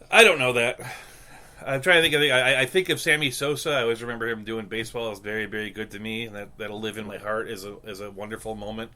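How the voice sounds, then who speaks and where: A man in his thirties co-hosting a podcast in casual chat, rambling with halting restarts and deadpan jokes. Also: fairly low pitch, a little hiss or hum. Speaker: podcast co-host.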